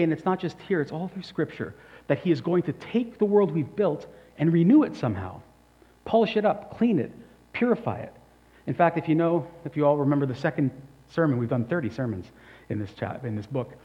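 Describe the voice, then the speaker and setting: A young man preaching a sermon as pastor, in a conversational, animated way, with asides and self-corrections. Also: a little high, a little fast, in a large hall. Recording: dull lo-fi sound.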